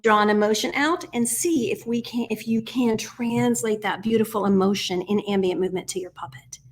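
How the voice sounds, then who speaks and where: An American woman in her forties teaching a puppetry workshop, energetic and encouraging, counting steps aloud and often dropping to a whisper. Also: medium pitch, brisk. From United States. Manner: energetic and encouraging, keeps asking "right?". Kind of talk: online workshop instruction.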